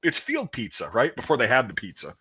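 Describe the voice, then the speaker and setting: A man's voice: medium pitch, huge pitch swings, a little fast, bright, forceful tone, breathy edge. A man chatting casually as a podcast host, telling profane army training stories with lots of swearing. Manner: profane, storytelling, acts out a drill sergeant. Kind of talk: casual chat about army basic training.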